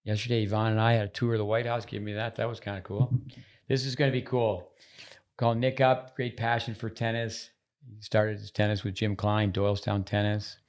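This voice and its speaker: A man's voice: lowish voice, level tone, fairly quick. A man hosting a casual tennis podcast from a resort, chatty and rambling. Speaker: podcast host.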